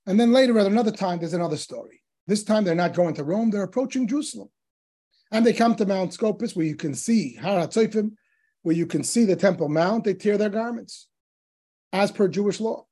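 A man, a rabbi teaching a Talmud class, telling stories in an animated way and acting out the dialogue of the sages. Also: high-pitched, fairly quick. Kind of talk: Torah class storytelling.

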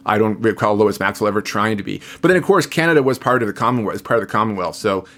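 A man talks over old films in a relaxed podcast chat. He gets animated as he goes and often trails off with a "like" or "you know". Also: on the low side, very fast. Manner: chatty, animated, trails off with fillers. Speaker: podcast co-host. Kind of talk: casual film discussion.

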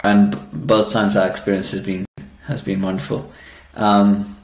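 Male podcast host, friendly interviewer, lowish voice, roomy sound. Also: flat delivery, unhurried, faint music behind. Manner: friendly, reactive, asks with fillers. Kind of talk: casual interview.

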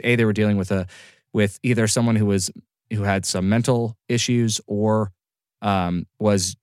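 Low-voiced man, hesitant and dry. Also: a little mellow, dry recording. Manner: hesitant, many restarts while explaining. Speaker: podcast co-host. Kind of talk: casual discussion.

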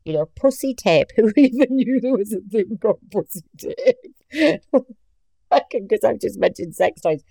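A woman's voice: a little high, lively intonation, normal speed, creaky, mellow, no echo, poor audio. A woman hosting a podcast, telling workplace stories in a chatty way and laughing as she goes. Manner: chatty, laughs through her own stories, quotes coworkers. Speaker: podcast host. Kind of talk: casual storytelling monologue.

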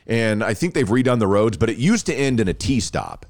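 A man, hosting a podcast and telling a story in a casual, animated way, laughing often and restarting phrases. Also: fairly low pitch, brisk, dry recording, studio quality. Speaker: podcast host.

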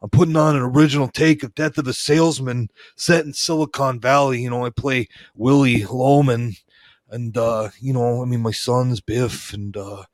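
A man's voice: mid-range voice, steady tone, moderate pace, no room sound, studio quality. A man telling long rambling comedic stories about his career, full of fillers and restarts. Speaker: former wrestling referee telling stories.

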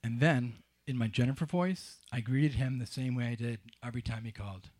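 A man's voice: medium pitch, a little fast, a little mellow. A man telling a personal story to a live audience in a wry, confessional way with dry humor.

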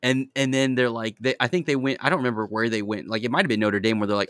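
Profane, laughing podcast host. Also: male voice, medium pitch, fast, hardly any pauses, no room sound, studio quality. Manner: profane, animated storytelling with laughter. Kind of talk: casual chat.

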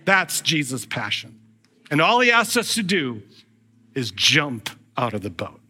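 A man's voice: on the high side, unhurried, slightly rough. Guy pastor preaching, swoops up and down a lot, acts out the voices in his stories. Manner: animated, acts out voices in retold scenes. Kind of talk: storytelling sermon.

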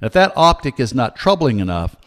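A man's voice: mid-range voice, sing-song, brisk, a bit bright. Earnest man hosting a commentary podcast. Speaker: podcast host. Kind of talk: scripted commentary.

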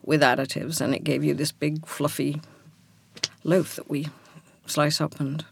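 A man's voice: a little high, flat delivery, a little slow, gravelly, husky, no room sound. A man co-hosting a casual discussion, with a dry, sarcastic way of talking.

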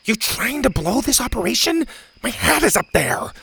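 A man voicing an anxious, excitable boy camper whose voice climbs when he gets worried. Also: very high-pitched, normal speed, vocal fry, husky, dry recording, voice pushed up, full character voice.

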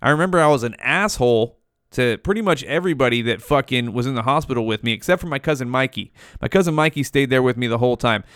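A man's voice: mid-range voice, fast, fairly bright tone, smooth, no room sound. Laid-back man, forties, swears freely; clean dry recording. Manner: laid-back, heavy swearing, keeps saying dude. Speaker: storyteller. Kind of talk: casual storytelling to camera.

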